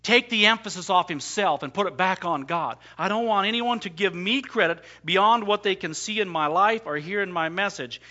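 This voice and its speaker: High, bright-voiced preacher. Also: male voice, moderate pace, hardly any pauses, dull audio. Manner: emphatic preaching, voices scripture in first person. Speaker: pastor. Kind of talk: sermon.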